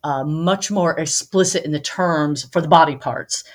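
A woman with a fairly low voice talks as a guest on a podcast, telling stories in an easy, chatty way. She laughs often as she goes. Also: normal speed. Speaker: romance author and guest. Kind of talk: casual podcast conversation.

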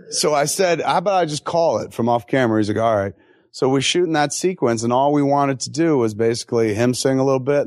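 A man answering audience questions at a live Q&A, telling stories in an animated, profane way with quick asides and acted-out quotes. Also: mid-range voice, dry recording, studio quality. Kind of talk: live Q&A storytelling.

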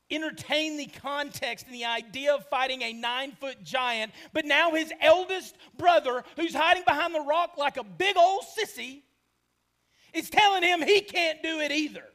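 Male pastor, very high pitch, dramatic sermon delivery with loud and quiet swings. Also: a little slow. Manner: animated, swings from shouting to hushed, acts out quotes.

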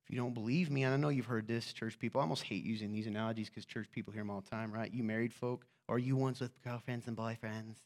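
A man's voice: mid-range voice, fairly even intonation, fast, few pauses. Conversational pastor, man, preaching. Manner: conversational, joking with the congregation; rhetorical questions, swings from quiet to loud. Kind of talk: sermon. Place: church.

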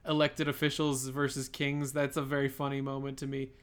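A woman's voice: very deep voice, little pitch movement, fairly quick. A woman co-hosting a podcast in casual movie-review chat, laughing easily and playful. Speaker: podcast co-host.

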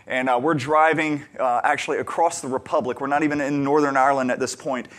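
A man's voice: mid-range voice, steady tone, fast talker. A man preaching a sermon, telling a personal story in a conversational, earnest way and pressing his listeners with emphatic questions. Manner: earnest, conversational, swings between quiet asides and emphatic questions. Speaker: pastor.

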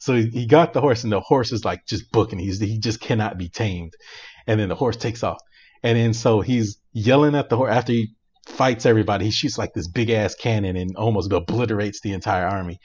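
A man co-hosting a podcast, casually retelling a movie plot in an animated way, laughing often and using many fillers. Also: on the low side, fairly quick, husky, lo-fi sound. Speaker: podcast co-host. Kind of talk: casual chat, recapping a movie.

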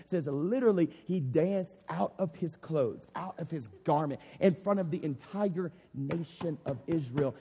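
A man's voice: a little high, warm tone, slightly rough. Impassioned preacher man in echoing hall. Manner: impassioned, repeats "I mean" and "literally". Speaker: pastor. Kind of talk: sermon. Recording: long hall reverb.

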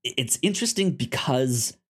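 A man co-hosting a podcast in casual chat, animated, stumbling and repeating the starts of words. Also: unhurried, breathy edge. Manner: animated, stammers on word starts; acts out quotes in a high voice. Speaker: podcast co-host.

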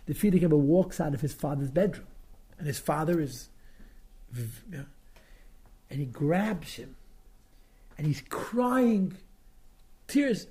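A man's voice: fairly high pitch, lively intonation, measured pace, long pauses, mellow, husky. A man teaching through a story, dramatic and emotional, often repeating words and acting out quotes with feeling. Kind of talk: storytelling lesson.

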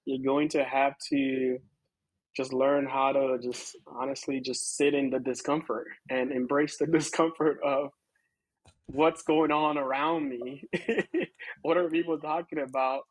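A man's voice: medium pitch, steady tone, unhurried, no echo, rough recording. A man with an American accent co-hosting a casual talk show, reflective and laughing as he talks. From United States. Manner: reflective, many fillers and restarts, laughs while talking. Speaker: co-host. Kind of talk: casual conversation.

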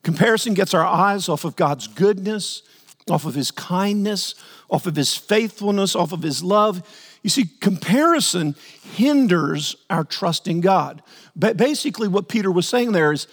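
A man's voice: high-pitched, expressive, normal speed. A male pastor preaching a sermon earnestly, repeating words as he builds his points and acting out the quotes. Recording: long hall reverb.

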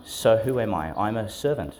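Priest with a lowish voice, chatting through a school homily and quizzing the kids. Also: male voice, animated, moderate pace, a little mellow, slight background noise. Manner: chatty, asks questions, laughs often. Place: school church service.

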